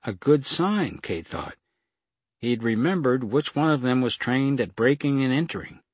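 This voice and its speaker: A man reading an audiobook as narrator, in a steady, measured storytelling manner. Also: lowish voice, slightly rough, no echo. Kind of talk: scripted narration.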